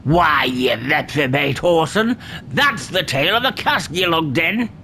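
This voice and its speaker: A man doing a gruff stern ship's captain. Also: a little high, animated, unhurried, sharp tone, slight background noise, voice pushed down, exaggerated voice. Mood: angry. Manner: scolding, old-fashioned insults.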